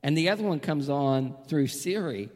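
A man's voice: fairly high pitch, expressive, moderate pace, darkish tone. Chill guy on a podcast, laughs a lot, swears, kinda echoey room. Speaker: podcast co-host. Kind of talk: casual chat.

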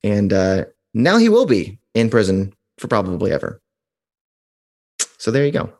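A man's voice: on the low side, huge pitch swings, moderate pace, a little mellow. A man co-hosting a podcast in casual chat, rambling with restarts and swearing. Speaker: podcast co-host.

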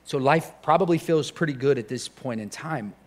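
Man hosting, encouraging, quick interjections, conversational. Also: medium pitch, slight background noise. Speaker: host.

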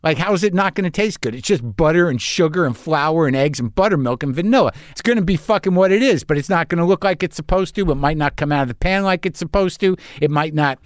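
A man's voice: on the high side, animated, fast talker, few pauses, no echo, clean studio sound. A man hosting a podcast, telling a comic story in a profane, self-mocking rant. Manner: profane, self-deprecating ranting. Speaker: podcast host. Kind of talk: comic monologue.

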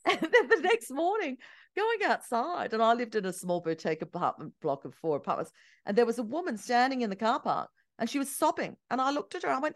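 An Australian woman, a podcast guest, telling animated stories with many restarts. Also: a little high, quick pace, dry recording, clean studio sound. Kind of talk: conversational interview.

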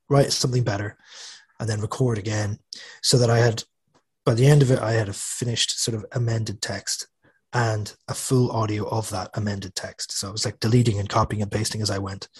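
A man's voice: medium pitch, a little mellow, husky. A man, an author talking casually as an interview guest, chatty and self-deprecating with lots of restarts. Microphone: studio podcast microphone.

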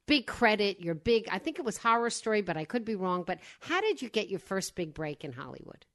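A woman's voice: mid-range voice, big pitch swings, brisk, a bit bright. Woman, fifties, radio show host, agreeable, frequent affirmations, casual interview.

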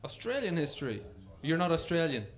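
A man's voice: fairly high pitch, very animated, a little fast. An Irish man doing stand-up crowd work, teasing audience members, recorded live at a comedy show.

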